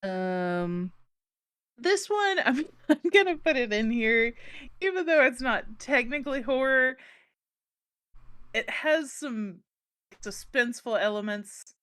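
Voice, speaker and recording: A young adult woman co-hosting a horror movie podcast in casual chat, easygoing and quick to laugh. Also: fairly high pitch, lively intonation, a bit bright, smooth, no echo. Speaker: podcast co-host.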